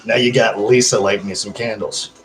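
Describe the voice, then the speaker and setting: A man's voice: fairly low pitch, steady tone, a little fast, faint music behind. Male streamer, casual home live-stream chat, crude and joking with viewers.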